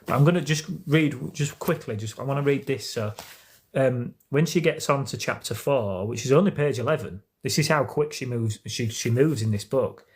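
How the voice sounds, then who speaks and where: Hosting an at-home live stream on recovering from anxiety, this English-accented man talks earnestly, wandering and restarting often. He speaks at medium pitch and a moderate pace, with a little hiss or hum on the audio.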